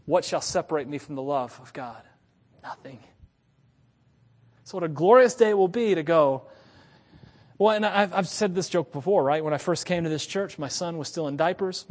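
A man's voice: high-pitched, long reverb tail. A man in his thirties preaching a sermon as a pastor, telling stories animatedly with frequent chuckles. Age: 30s. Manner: animated storytelling with frequent laughs.

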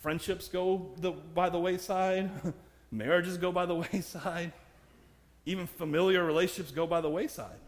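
A man with a high-pitched voice preaches in a church sanctuary, poking fun at himself and laughing frequently. He keeps a steady tone at a moderate pace, and the recording has a long reverb tail.

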